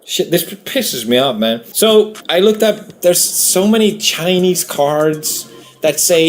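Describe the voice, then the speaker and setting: A man's voice: fairly high pitch, lively intonation, moderate pace, faint music behind. A man hosting a gameplay video, talking casually and animatedly, ranting with exasperation and laughing at himself. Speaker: gaming video host. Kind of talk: casual commentary over gameplay.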